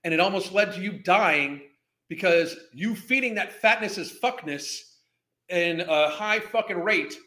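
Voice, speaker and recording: A commentary host rants in a profane, angry, mocking way, swearing heavily. His voice is high and bright, and the room sounds echoey.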